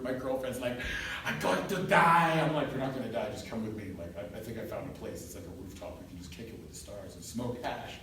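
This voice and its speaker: A man's voice: mid-range voice, slight background noise. Laughing man telling a wild story. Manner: animated, laughs often, acts out quoted voices. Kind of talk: casual storytelling. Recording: echoey room from far off.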